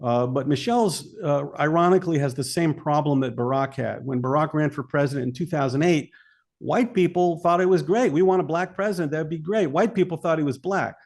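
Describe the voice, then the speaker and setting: A man's voice: a little high, fairly quick, creaky, darkish tone. A man speaking as a filmmaker guest in an interview, emphatic and argumentative. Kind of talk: interview talk.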